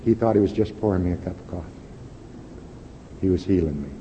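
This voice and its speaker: A man's voice: fast talker, dark tone. An older man speaking at a recovery meeting, giving a plain-spoken, wry and candid personal testimony. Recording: lo-fi echoey hall with faint rumble.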